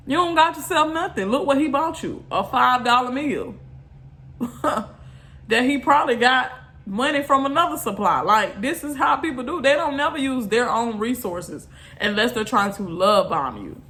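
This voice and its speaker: A woman's voice: a little high, animated, normal speed, sharp tone. A woman vlogger, venting bluntly and repeating herself in an exasperated rant to her viewers.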